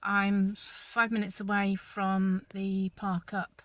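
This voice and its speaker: A woman's voice: medium pitch, monotone, slow pace, dry recording. A woman, vlogging from inside her car and talking in a rambling, openly nervous way. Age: 60s. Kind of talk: casual talk to camera. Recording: dull audio with loud vehicle noise.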